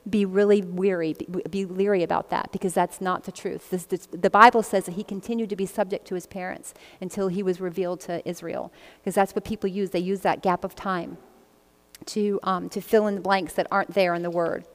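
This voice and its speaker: A woman's voice: on the low side, steady tone, brisk. A woman leading a casual Bible teaching, reading verses aloud and commenting in a chatty way, laughing often between passages. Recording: long echoey reverb.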